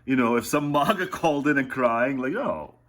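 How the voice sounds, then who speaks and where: A man's voice: mid-range voice, animated, normal speed, fairly bright tone. A man giving casual reaction commentary on a radio clip, sarcastic and laughing often.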